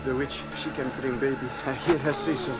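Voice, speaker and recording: A foreboding clansman, played by a man, speaking in broken, halting phrases at a middle pitch. A loud orchestral score plays behind him. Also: steady tone, over loud music, natural voice.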